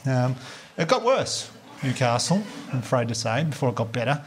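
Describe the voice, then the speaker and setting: An Australian man telling a stand-up comedy story, animated and swearing, jumping up in pitch to act out the voices of other people. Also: moderate pace. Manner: animated, swearing, acts out quoted voices with big jumps up in pitch.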